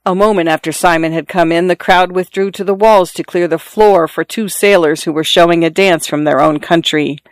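Audiobook narrator, measured even storytelling, medium pitch, close dry recording. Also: clear, resonant tone, no echo. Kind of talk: audiobook reading.

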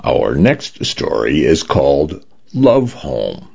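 A man's voice: deep voice, big pitch swings, takes it slowly, vocal fry, darkish tone, husky. A man reading science fiction stories aloud as a radio narrator. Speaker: radio story reader. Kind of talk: scripted narration. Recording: dull lo-fi radio broadcast.

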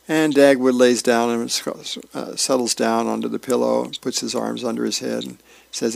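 A man's voice: mid-range voice, little pitch movement, moderate pace, creaky, dry recording. A man volunteering as a reader on a radio reading service, reading comics and birthdays aloud in a folksy way with small slips and self-corrections.

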